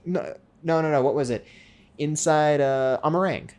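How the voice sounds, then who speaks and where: A man's voice: fairly high pitch, moderate pace. A man co-hosting a casual podcast, telling jokey stories and swearing freely. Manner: joking, profane, animated storyteller. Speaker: podcast co-host.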